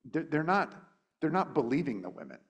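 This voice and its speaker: A man preaching in a conversational way, thinking aloud with frequent restarts and fillers, and acting out quotes in animated voices. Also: a little fast, vocal fry, slightly rough, lo-fi sound. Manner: acts out quotes with sudden high, animated voices. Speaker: pastor. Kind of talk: conversational sermon.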